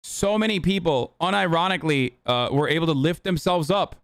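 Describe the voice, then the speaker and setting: A man's voice: on the high side, fairly quick, creaky, fairly bright tone, no echo. A man streaming a reaction to a clip, ranting in a heated, profane, casual way.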